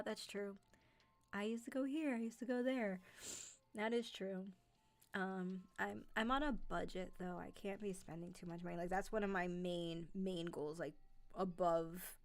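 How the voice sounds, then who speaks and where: A woman talks casually with her viewers on a livestream, with a light New York accent. Her speech is loose and friendly and often filled with "like" and "um". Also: fairly low pitch. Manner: chatty, many fillers like "like" and "um". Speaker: host of a horror narration channel.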